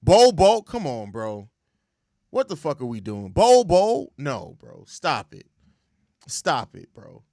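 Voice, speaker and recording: A man's voice: on the high side, huge pitch swings, takes it slowly, darkish tone, no echo, clean studio sound. A young man hosting a sports show, ranting in exasperated, profane casual commentary and repeating himself. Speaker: sports podcast host.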